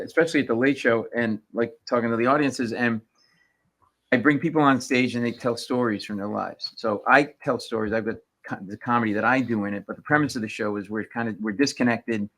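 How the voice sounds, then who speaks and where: A man, a comedian, telling stories on a radio show and acting out the people in them. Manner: animated storyteller, acts out quoted people in rising pitch. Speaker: comedian guest.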